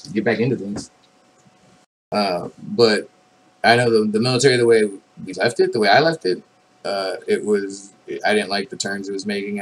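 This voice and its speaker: A man's voice: on the low side, slight background noise, poor audio. A man in his thirties, an army veteran telling stories in a casual, rambling monologue full of fillers and restarts, swearing now and then. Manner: rambling, laid-back, many fillers and restarts.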